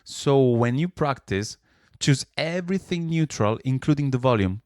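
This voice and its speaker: A man's voice: mid-range voice, lively intonation, normal speed, darkish tone, dry recording, studio quality. A man teaching singing, explaining and demonstrating exercises with sung syllables. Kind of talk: vocal lesson with sung exercises.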